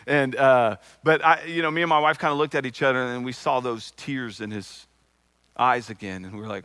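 A man's voice: medium pitch, fairly even intonation, normal speed, fairly bright tone, clean tone, no room sound. A middle-aged man giving an earnest sermon testimony from the pulpit, telling a personal story with frequent repeated words. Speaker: church speaker.

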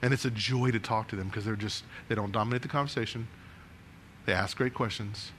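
Bright, animated man leading a workshop. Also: fairly low pitch, a little fast, a little hiss or hum. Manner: animated, talks with his hands and moves around; asks the room many questions. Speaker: speaker giving a networking workshop. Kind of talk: lively workshop talk to a live room. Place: meeting room before an audience.

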